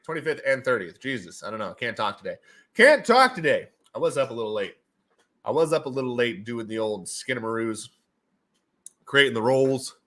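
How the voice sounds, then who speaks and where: A man's voice: mid-range voice, sharp tone. A man hosting a casual livestream giveaway, who talks animatedly, repeats his own phrases and throws in playful sound effects. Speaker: livestream host running NFT giveaways.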